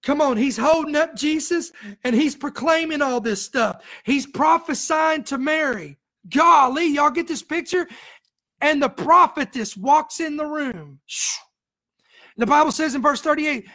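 A woman's voice: high-pitched, measured pace, a bit bright. A woman preacher delivering an emotional sermon, full of fervent, repeated exhortations to the congregation.

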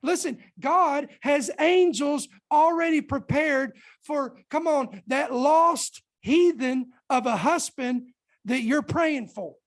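A woman's voice: sits high, slow pace. A woman preacher delivering a fervent sermon, calling out to her congregation for responses.

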